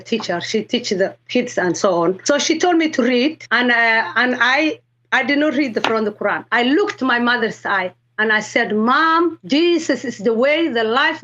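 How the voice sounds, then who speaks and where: High-voiced excited woman from Somalia. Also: muffled recording. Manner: animated, excited storytelling with quoted dialogue. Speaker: guest sharing a conversion testimony. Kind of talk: emotional personal testimony.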